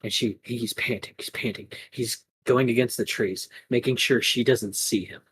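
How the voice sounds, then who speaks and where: Low-voiced woman game master. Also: moderate pace, slightly rough. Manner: casual, animated storytelling. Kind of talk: narrating a tabletop game.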